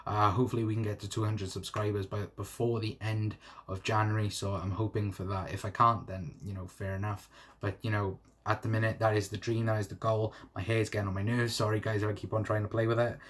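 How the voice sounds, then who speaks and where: Husky-voiced man chatting on a stream. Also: lowish voice, level tone, a little fast, a bit bright. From England. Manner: rambling, many fillers like "you know" and "uh". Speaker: fan channel host. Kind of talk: casual live-stream chat reading comments.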